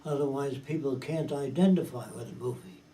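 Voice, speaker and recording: This man speaks briskly in a dark, medium-pitched voice, giving a small group an informal talk. Blunt and profane, he hammers his points home and keeps checking that they understand. The mic sits far away, with faint background hiss.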